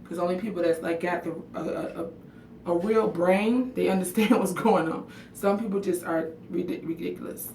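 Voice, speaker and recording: A woman's voice: on the low side, fairly even intonation, moderate pace, a little mellow, a little hiss or hum. A woman chatting on a casual livestream from her bathroom, frank and emotional, swearing freely and answering viewers' comments by name. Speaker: livestream vlogger. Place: bathroom at home. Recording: echoey room audio picked up from a distance.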